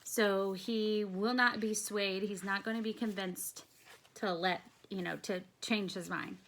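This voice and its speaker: A teacher reads through a play and stops to explain the story in plain, casual words. Her voice sits at an ordinary middle pitch, and she talks the way she would to a class. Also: steady tone, measured pace, a bit bright, slight background noise.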